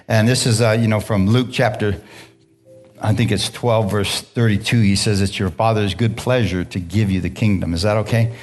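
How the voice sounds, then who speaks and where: Call-and-response man preaching a sermon. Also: medium pitch. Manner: call-and-response, frequent "hallelujah" and "amen?"; relaxed, laughing, conversational preaching. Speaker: pastor. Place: church sanctuary.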